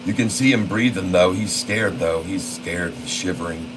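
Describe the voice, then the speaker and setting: A man hosting a trading channel, commentating live on his trades in a folksy, excitable way and constantly talking to his viewers. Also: sits low, normal speed, noisy background. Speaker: stock trading channel host.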